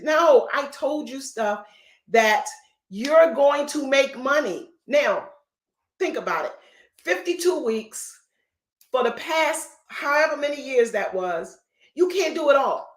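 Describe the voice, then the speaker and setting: A woman's voice: high-pitched, lively intonation, takes it slowly. A middle-aged woman real estate coach giving an emphatic, preachy motivational talk on a live stream. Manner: emphatic, repetitive, preachy, folksy. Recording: echoey room.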